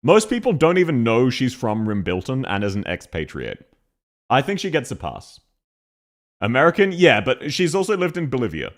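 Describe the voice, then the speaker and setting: Animated Australian streamer with a lively voice. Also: male voice, medium pitch, moderate pace. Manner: animated, laughing often, swearing. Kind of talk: casual tier-list commentary.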